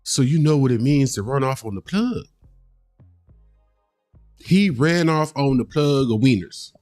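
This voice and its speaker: A man hosting a reaction livestream, ranting in casual, profane commentary with lively, heated emphasis. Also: medium pitch, measured pace, dry recording, studio quality, faint music behind.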